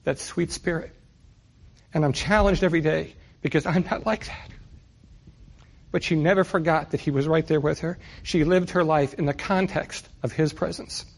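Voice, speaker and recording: A man's voice: a little high, fairly even intonation, moderate pace, vocal fry. A middle-aged man from New York City preaching a conversational sermon, often putting rhetorical questions to his listeners. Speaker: pastor.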